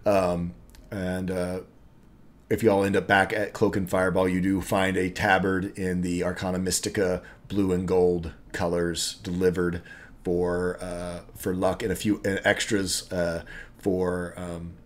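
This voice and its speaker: Deep-voiced man running a tabletop game. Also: flat delivery, unhurried. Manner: rambling, many fillers and restarts. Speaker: game master.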